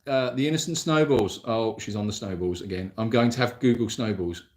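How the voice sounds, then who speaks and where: A man's voice: on the low side, brisk. A man hosting a casual livestream Q&A, rambling and self-deprecating as he answers viewer comments into his mobile phone. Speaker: animal sanctuary host answering viewer comments.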